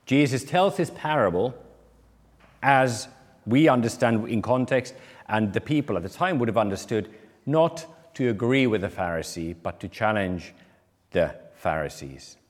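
A man's voice: fairly low pitch, expressive, moderate pace, big-room sound. A man preaching a sermon, explaining a parable and briefly acting out the people he quotes. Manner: explanatory, acts out quoted speakers.

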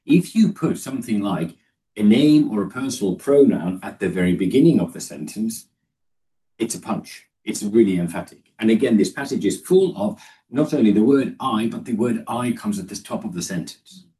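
Low mellow man teaching Scripture. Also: lively intonation, normal speed, far from the mic, rough recording. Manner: discursive, explanatory. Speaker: Bible teacher. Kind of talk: Bible study lesson.

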